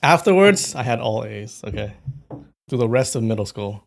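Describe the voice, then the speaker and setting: A young man hosting a live stream, casually chatting with viewers in a rambling storytelling way and often clearing his throat, at a desk mic at home. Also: medium pitch, very animated, moderate pace. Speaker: livestream host.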